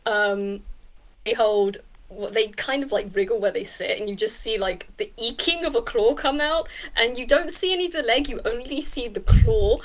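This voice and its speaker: A woman narrating as game master, giggly and animated. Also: fairly high pitch, moderate pace, poor audio.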